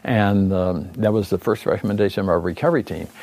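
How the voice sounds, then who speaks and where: Older man, deep voice, gravelly, rambling interview recollection. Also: fast talker, darkish tone, no room sound. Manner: rambling, with many fillers and self-corrections. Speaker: interview guest, former condor recovery team leader.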